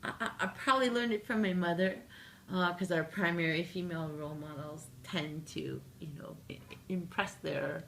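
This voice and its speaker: Canadian woman in her 40s, kinda gravelly and lowish, jokey storyteller in an interview. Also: normal speed, a little hiss or hum. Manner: animated, jokey, acts out her own lines. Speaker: interview guest, singer-songwriter.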